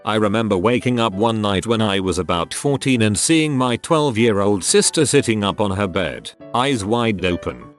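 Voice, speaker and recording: Low-voiced man narrating stories over music. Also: expressive, moderate pace, few pauses. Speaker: narrator reading online stories. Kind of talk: scripted narration.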